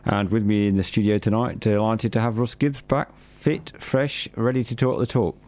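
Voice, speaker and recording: A man's voice: lowish voice, flat delivery, moderate pace, a little mellow. A man hosting a community radio football show, chatty and full of ums and restarts. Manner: chatty, with many fillers and restarts. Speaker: radio host. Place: radio studio.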